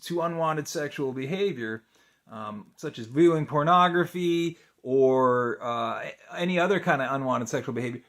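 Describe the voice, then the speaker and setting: A man's voice: fairly high pitch, fairly bright tone. Man teaching as a therapist, casual. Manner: conversational, many fillers and restarts, asks rhetorical questions. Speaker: therapist teaching a video course. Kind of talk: unscripted teaching talk to camera.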